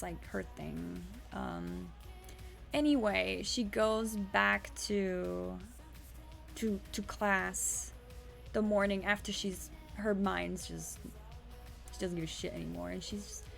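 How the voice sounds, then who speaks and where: A woman's voice: mid-range voice, vocal fry. A woman streamer casually recapping a story, rambling with restarts and swearing.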